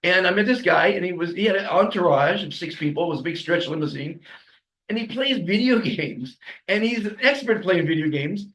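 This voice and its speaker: A man's voice: high voice, animated, a little fast, a bit bright, poor audio. A man from Los Angeles hosting a podcast, giving a rambling, emphatic motivational monologue with chuckling asides. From Los Angeles, USA. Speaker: podcast host.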